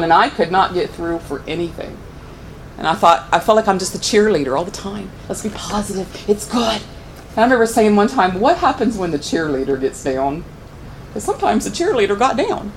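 A woman's voice: slight background noise, low-quality recording. A middle-aged woman giving a personal testimony in church, telling her story earnestly. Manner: earnest storytelling, pitch rising when moved.

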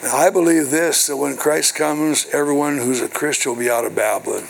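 Older guy preaching in church, gravelly, reads scripture then riffs on it, keeps asking hello? right?, faint noise behind. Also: on the high side, a little fast, low-quality recording. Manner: call-and-response preaching with repeated "hello" and "right". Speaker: minister. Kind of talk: sermon.

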